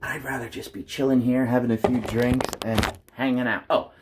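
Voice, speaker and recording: A man's voice: mid-range voice, fairly even intonation, moderate pace, noisy background. A young adult man vlogging candidly from home into a taped-up phone, rambling bluntly and swearing freely. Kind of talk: candid confessional vlog. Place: at home by a couch. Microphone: phone taped in place.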